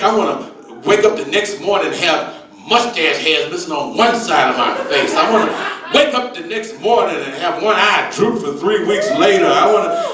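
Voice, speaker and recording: A man in his sixties working a stand-up crowd, brash and streetwise with big exaggerations. His voice runs fairly high. He is heard from a distance in a very echoey room. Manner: brash, streetwise, exaggerated, keeps calling people baby. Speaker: stand-up comedian. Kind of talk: stand-up routine.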